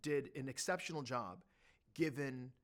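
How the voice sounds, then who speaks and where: A middle-aged man telling animated stories as an interview guest, his pitch and loudness jumping suddenly. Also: normal speed. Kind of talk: storytelling in an interview.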